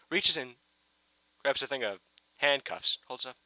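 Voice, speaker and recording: Man, rambling excitable fan rant, gravelly edge, lively up-and-down delivery. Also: mid-range voice, unhurried, no echo, poor audio. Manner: excitable, rambling, swears, frequent restarts. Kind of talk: casual fan review rant.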